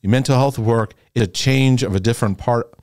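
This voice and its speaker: A man's voice: mid-range voice, a little fast, darkish tone, dry recording, clean studio sound. A man hosting a podcast, talking in a candid, reflective way with frequent hesitations and restarts. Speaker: podcast host. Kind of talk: candid conversational podcast talk.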